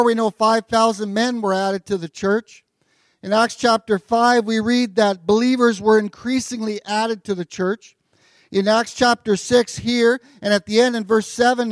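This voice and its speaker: Reading from scripture and unpacking it, this pastor preaches casually, sprinkling in fillers and little jokes. He has a high voice, captured at studio quality without any echo.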